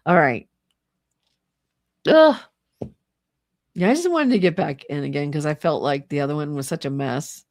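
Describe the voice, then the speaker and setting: A woman's voice: sits low, a little slow, long pauses, no echo, clean studio sound. A middle-aged woman hosting a livestream, ranting casually and with exasperation, laughing often and mocking people in put-on voices. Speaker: livestream host. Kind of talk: casual political rant on a livestream. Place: home, fire going nearby.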